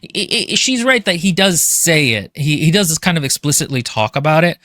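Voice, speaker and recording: Guy on a book podcast, bright voice, bouncy pitch, rambly, dry close mic. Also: moderate pace, no room sound. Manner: animated, rambling with fillers and restarts. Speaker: podcast co-host. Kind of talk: casual book discussion.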